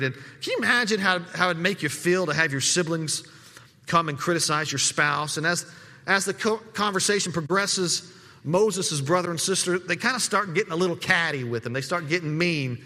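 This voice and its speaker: A man preaching in a church hall with a high, bright voice. He speaks conversationally, repeating words as he gathers his thoughts. A long reverb trails his words. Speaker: pastor. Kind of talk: sermon.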